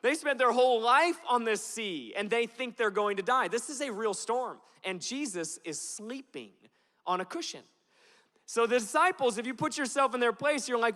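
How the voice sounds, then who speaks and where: High-pitched guy preaching in a church, slow heavy lines then fired up storytelling, long echo off the hall. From Alaska. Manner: passionate, builds from slow emphatic lines to loud animated retelling. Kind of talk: sermon. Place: church auditorium.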